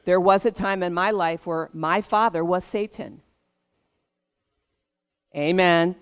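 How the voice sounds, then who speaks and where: A pastor delivers a sermon with emphatic, preaching cadences. The voice is clear and resonant, sitting in an ordinary middle pitch. The pastor calls for responses from the congregation. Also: steady tone, slow pace, fairly bright tone.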